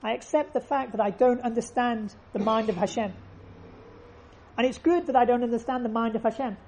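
A woman's voice: on the high side, fairly quick, mellow, slight background noise. A woman giving an earnest faith lesson, telling stories and repeating phrases for emphasis. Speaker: religious teacher.

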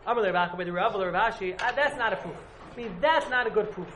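A man's voice: high voice, fast, bright, forceful tone, a little hiss or hum. A man teaching a casual Talmud class to a few students, rambling and repeating himself as he explains. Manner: rambling, repeats and hedges often. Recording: echoey room.

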